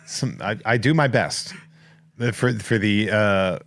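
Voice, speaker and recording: A man's voice: on the low side, slow. An American man hosting a podcast, rambling and joking at his own expense in casual chat. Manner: jokey, rambling, self-mocking. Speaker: podcast host.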